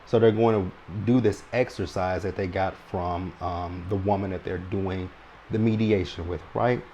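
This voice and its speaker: A man's voice: sits low, steady tone, measured pace, mellow, a little hiss or hum. A man giving a casual, long-winded recap of a reality show, who keeps checking in with his listeners by asking "right?".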